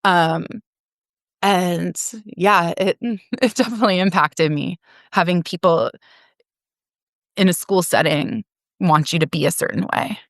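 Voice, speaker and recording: A woman's voice: fairly low pitch, measured pace, long pauses, no echo, studio quality. A woman in her forties, a podcast guest telling her own story frankly, with frequent laughs and casual swearing. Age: 40s. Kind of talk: candid personal storytelling.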